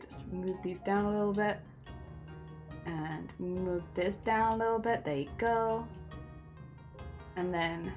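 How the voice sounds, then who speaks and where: Young woman streamer, casual and chatty, slightly congested, with a lively, swooping delivery. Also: medium pitch. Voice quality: coughing, a little congested. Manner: chatty, talks herself through each step, greets viewers. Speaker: streamer rigging a vtuber model. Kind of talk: casual live-stream talk while working.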